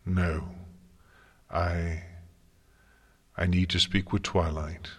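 Tired cranky pony princess, clipped and low-energy, guy reading her, slow. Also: little pitch movement, exaggerated voice. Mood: weary. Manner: curt, weary and clipped. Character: exhausted regal female pony princess, frayed and irritable. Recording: long hall reverb.

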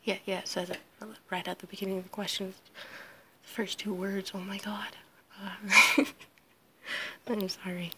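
A woman with a sickly, hoarse half-whisper stumbles through a questionnaire in a casual recording made alone, often apologizing and laughing nervously. She's an audio creator with a mid-range voice and level tone, and heavy background noise fills the recording.

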